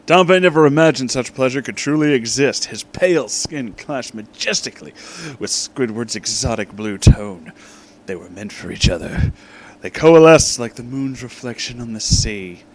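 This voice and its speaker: A man's voice: mid-range voice, lively intonation, normal speed, rough recording. A man reading a fanfic aloud for comedy, reacting with disbelief. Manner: incredulous, breaking into laughter between lines. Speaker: reader.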